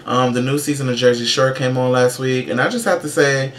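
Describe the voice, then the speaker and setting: A man hosting his own casual show, giving sassy, profane, emphatic pop-culture commentary with brash shout-outs. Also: medium pitch, brisk. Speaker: show host.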